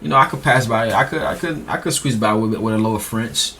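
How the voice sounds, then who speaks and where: A man's voice: fairly low pitch, fairly quick, pushed and bright. American man, reaction host, chatty and loose, faint background hiss. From United States. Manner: loose, chatty, repeats himself. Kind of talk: casual reaction commentary.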